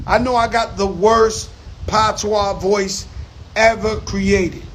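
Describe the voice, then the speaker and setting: A man's voice: high voice, slow, a bit bright, a little hiss or hum, low-quality recording. A man hosting his show in a casual outdoor monologue, talking emphatically and repetitively in profane street talk. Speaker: show host. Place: outdoors among palm trees by the sea.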